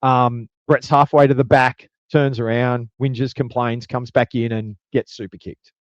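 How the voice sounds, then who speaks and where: A man's voice: medium pitch, little pitch movement, a little slow, no room sound. Rambling man on a lo-fi mic. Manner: rambling, repeats words, acts out quotes. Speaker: podcast co-host. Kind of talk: casual podcast chat.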